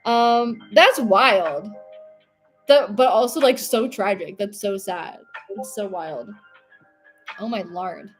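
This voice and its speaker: A woman's voice: medium pitch, takes it slowly, faint music behind. An American woman in her late twenties, chatting casually and giggling on a livestream while she paints and answers her chat. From United States. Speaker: streamer.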